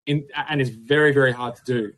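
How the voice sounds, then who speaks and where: A man's voice: mid-range voice, fairly even intonation, fairly quick. A young adult man with an Australian accent, a podcast guest talking in a reflective, rambling way with many restarts. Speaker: podcast guest, gym owner. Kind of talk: casual conversation.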